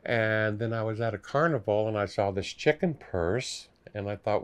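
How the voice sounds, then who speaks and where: An older man telling stories in a documentary interview, playful and animated, acting out his own past thoughts. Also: on the low side, normal speed, few pauses, smooth. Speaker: longtime charity ride participant.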